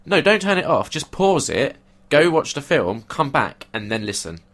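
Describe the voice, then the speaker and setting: A man's voice: on the high side, big pitch swings, moderate pace, a bit bright. A man co-hosting a podcast, giving opinionated, casual takes on a film. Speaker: podcast co-host.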